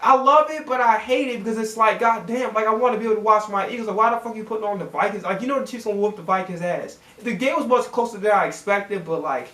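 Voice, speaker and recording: A man ranting profanely as a sports reaction vlogger, exasperated and swinging his pitch up and down as he talks. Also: quick pace, few pauses, fairly bright tone, roomy sound.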